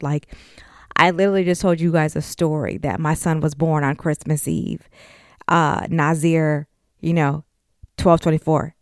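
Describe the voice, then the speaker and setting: A woman's voice: deep voice, a little mellow, dry recording, studio quality. A woman in her forties hosting a podcast, talking frankly and emotionally straight to her listeners. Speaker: podcast host. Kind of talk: candid personal talk.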